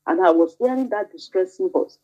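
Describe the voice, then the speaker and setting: A woman's voice: on the low side, brisk, dark tone, breathy edge. A woman preaching a sermon, building it up through fervent repetition and telling a story from her own life. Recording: muffled lo-fi recording.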